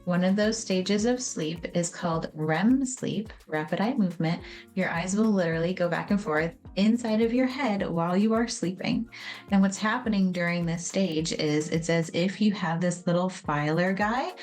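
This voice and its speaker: In a relaxed, conversational video talk, a woman who teaches about memory and trauma describes how memory works, playing out small scenes as she goes. She speaks at a normal speed in a lowish, slightly mellow voice over faint background music.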